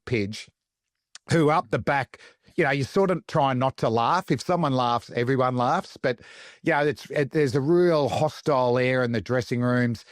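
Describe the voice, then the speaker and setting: A middle-aged Australian man, a former fast bowler, telling cricket stories on a podcast and acting out the quotes with laughs. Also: medium pitch, no room sound, studio quality. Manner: animated storyteller, acts out quotes in other voices, laughs often. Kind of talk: casual anecdote-telling chat.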